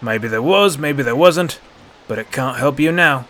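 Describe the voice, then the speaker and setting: A brutish city guard who sneers and barks with open contempt, as a reader puts him on. His voice stays loud and rough in this storybook telling. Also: mid-range voice, moderate pace, close to an everyday voice. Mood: sneering. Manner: sneering, gruff. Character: sneering brutish gate guard, adult man.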